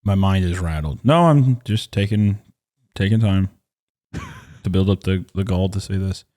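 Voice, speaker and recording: A man's voice: low-pitched, very animated, measured pace, dark tone. A man hosting a comedy podcast, telling an exasperated, profane story in a casual way. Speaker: podcast host.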